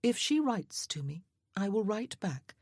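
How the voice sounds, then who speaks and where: A reserved, tender mature woman, voiced by a woman reading aloud. She speaks hesitantly and softly, with a breathy husk. The recording is dry and close. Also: medium pitch, sing-song, a little slow, no echo, pitched above the performer's own voice. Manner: hesitant, soft.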